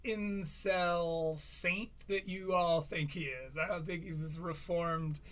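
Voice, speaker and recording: A man's voice: fairly high pitch, steady tone, slow, fairly bright tone. A man in his thirties hosting a reaction commentary, rambling, swearing and laughing through asides. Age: 30s. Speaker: commentary host.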